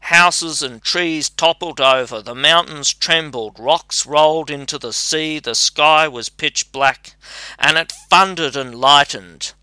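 Male audiobook narrator, measured storybook reading, smooth resonant voice, dry close mic. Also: a little high, sharp tone, no echo. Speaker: audiobook reader.

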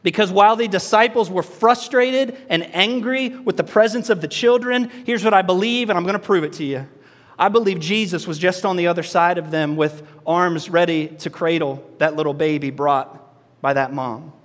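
A man in his thirties preaching a sermon as pastor, swinging from quiet, intense passages to near-shouting emphasis. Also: high-pitched, moderate pace. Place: large church hall. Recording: hall reverb.

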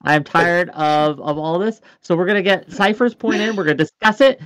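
A man's voice: sits high, brisk, a bit bright, dry recording. A man moderating a heated online debate stream, firmly cutting in and sounding worn out. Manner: firm, weary, interrupting to stop arguments.

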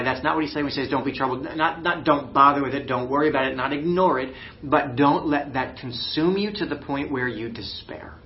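A man's voice: medium pitch, lo-fi sound, a little hiss or hum. A man preaching a sermon in an earnest, searching way, often restarting and using fillers. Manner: earnest, with many restarts and "you know" fillers. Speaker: pastor.

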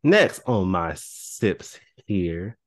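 A man's voice: deep voice, very animated, very slow, no room sound. A man co-hosting a casual podcast chat, giving laid-back, wry commentary. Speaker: podcast co-host. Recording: dry close sound.

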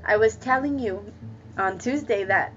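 A woman telling a personal story candidly, with emotional laughs and halting restarts. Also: medium pitch, fairly bright tone, highs cut off, a little hiss or hum. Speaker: guest sharing a personal story.

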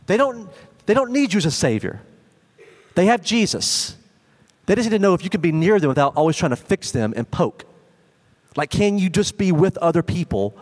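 A young man preaches to his congregation in a relaxed, talky way, often leaning on "like" as he goes. His voice sits somewhat high for a man. The sanctuary around him rings with a long reverb. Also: normal speed. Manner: conversational preaching, frequent "like". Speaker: pastor. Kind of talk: sermon. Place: church sanctuary.

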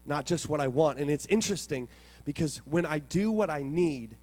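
A pastor with a fairly high voice preaches a sermon to his congregation, telling stories with lots of animation at a moderate pace. He sinks into quiet reflection, then surges into loud excitement.

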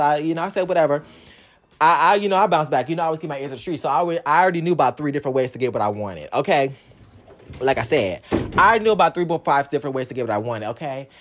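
In a laid-back, sassy monologue about his own experiences, a young man swears without restraint. He shifts back and forth from loud bursts to low muttering.

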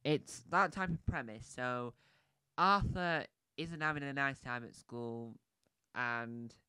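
Man, casual film review podcast, rambling, chatty, smooth clear voice, dry close sound. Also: medium pitch, slow pace, sharp tone, no echo. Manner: rambling, chatty, with many restarts and asides.

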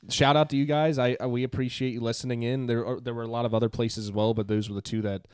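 A man's voice: medium pitch, level tone, fast talker, a little mellow, clear, resonant tone, no echo, studio quality. A man co-hosting a podcast in casual, joking chat. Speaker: podcast co-host.

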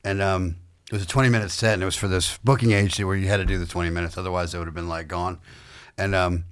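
Male comedian from the southern US, low voice, rambling self-interrupting storyteller for a chat podcast. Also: steady tone, fast, smooth. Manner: rambling, self-interrupting, laughs while telling stories. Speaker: stand-up comedian, podcast guest.

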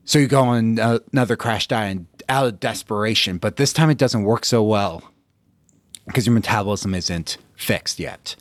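A man with a lowish voice talks straight into the mic in a dry, close recording. He coaches in a blunt, casual monologue, cursing freely and acting out the frustrated reactions of the people he describes. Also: normal speed, no room sound. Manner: blunt, profane, acts out listeners' reactions. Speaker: podcast host, fitness coach. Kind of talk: casual solo podcast monologue.

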